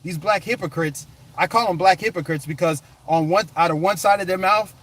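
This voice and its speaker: A man's voice: high voice, a little fast, a bit bright. A man from the United States giving fired-up political commentary in an emphatic, combative, repetitive way.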